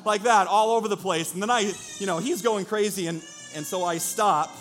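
High-voiced man preaching emphatically. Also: moderate pace, a bit bright, faint music behind. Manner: emphatic, repetitive preaching cadence. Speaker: pastor. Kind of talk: sermon. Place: church in a former car dealership.

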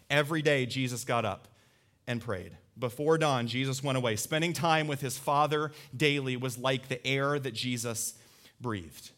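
A man in his thirties preaching a sermon to a live congregation in a church, telling stories with lively energy and acting out a child's voice. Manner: animated storytelling, voicing his child in high squeals. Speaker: pastor.

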